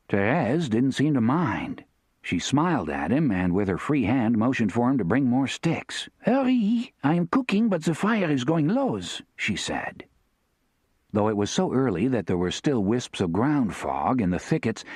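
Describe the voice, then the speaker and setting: A man reading a western audiobook, with a lively, expressive rise and fall in his voice. The sound is close and dry, with no room echo. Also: fairly low pitch, husky. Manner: steady, expressive storytelling. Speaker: narrator. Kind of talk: audiobook narration.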